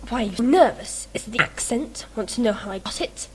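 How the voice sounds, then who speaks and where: A woman doing a loud, mocking young villain. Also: fairly high pitch, animated, brisk, slightly rough, poor audio. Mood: menacing. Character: menacing young male villain telling a dark tale.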